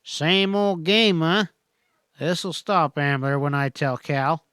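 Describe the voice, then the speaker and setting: A man reading a western audiobook, voicing a menacing older outlaw father who speaks slowly and dryly. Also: sits high, sharp tone, clear, resonant tone, no echo, pitched above the performer's own voice. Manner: dry, slow, snapping. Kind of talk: audiobook character voice.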